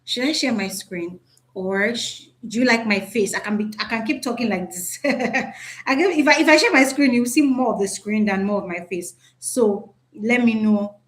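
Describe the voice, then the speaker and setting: A woman with a slightly high voice teaches a live class over a video call. She talks in a chatty way, often tagging her points with "right?" and asking her listeners what they want. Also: moderate pace. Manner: chatty, repeats "right?", asks the audience.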